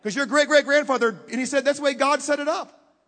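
Dramatic high-voiced preacher in a reverberant hall. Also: male voice, quick pace. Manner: dramatic storytelling, swings from hushed to loud; talks directly to the audience with questions. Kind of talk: sermon.

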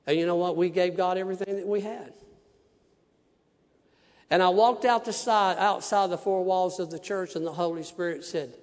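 A man ministering to a congregation, telling his testimony in an animated sermon and acting out the dialogues in it. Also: high-pitched, normal speed. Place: church sanctuary. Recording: long church-hall reverb.

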